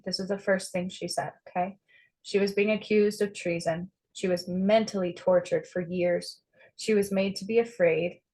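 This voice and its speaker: Speaking earnestly to the camera in a monologue, a woman who calls herself a psychic medium keeps checking in with "okay?". Her medium-pitched voice is a little mellow, and the audio quality is poor. She is emphatic and repeats key phrases.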